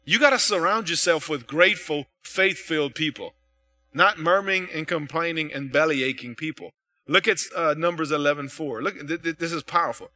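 A man's voice: fairly high pitch, moderate pace, bright, forceful tone. A man pastor giving a casual, conversational sermon, full of "you know" and "right?" asides to his congregation.

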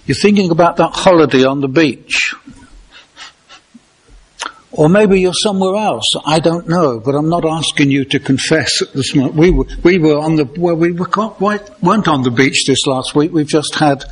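A man's voice: fairly high pitch, moderate pace, slightly rough. A man from England preaching a conversational sermon, talking directly to his congregation and asking them questions.

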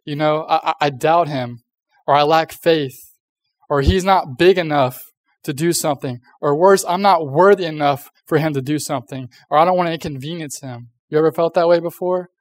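A man's voice: on the high side, moderate pace, no room sound. A young man giving a casual youth sermon, chatty and full of fillers, often acting out little voices. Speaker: youth pastor.

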